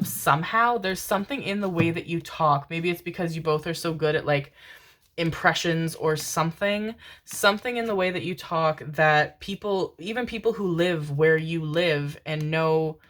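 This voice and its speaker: A woman's voice: sits low, a bit bright. A woman from Canada giving a pick-a-card tarot reading, rambling and enthusiastic, swearing freely and calling her viewers darlings. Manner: rambling, swears a lot, laughs often, calls viewers darlings.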